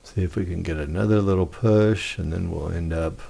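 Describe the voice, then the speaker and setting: Low gravelly man explaining trades. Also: normal speed, warm tone. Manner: casual, conversational, acts out trader frustration. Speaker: trading instructor. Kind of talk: screen-share trading walkthrough.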